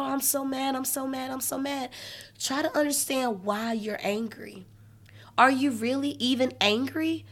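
Emphatic motivational woman podcaster. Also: on the high side. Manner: emphatic, repetitive, conversational coaching. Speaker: podcast host. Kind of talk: motivational solo podcast talk.

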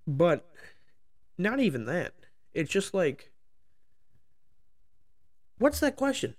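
A man's voice: high voice, sing-song, slow pace, pauses often. A man hosting his own podcast, ranting heatedly about a topic into the microphone, swearing constantly. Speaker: podcast host. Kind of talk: solo profane rant podcast.

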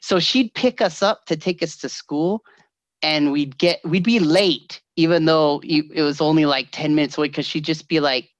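A man telling family stories in casual chat, animated and quick to laugh, acting out the voices of the people in them. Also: fairly high pitch, no echo, dull audio. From California. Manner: animated storyteller, laughs often, acts out voices.

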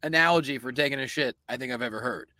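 A man's voice: medium pitch, fast talker, sharp tone, dry recording, clean studio sound. A man from Pennsylvania co-hosting a casual comedy podcast, telling rambling stories and laughing often. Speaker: podcast co-host.

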